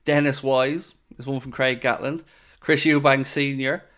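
Here a young man hosts a podcast, working through comments from a live chat in a casual, opinionated way with frequent fillers and asides. He speaks a little slowly in a steady, mid-range voice with a fairly bright tone.

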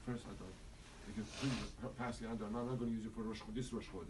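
Quick-talking male student heard from afar. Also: fairly low pitch, steady tone, darkish tone. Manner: asks quick questions in class. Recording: far from the mic with faint room noise.

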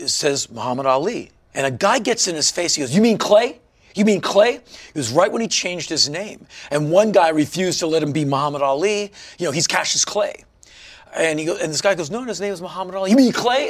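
A man in his fifties from Washington, D.C., a guest in a casual interview, telling stories with animation and acting out other people's lines. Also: fairly high pitch. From Washington, D.C., USA. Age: 50s.

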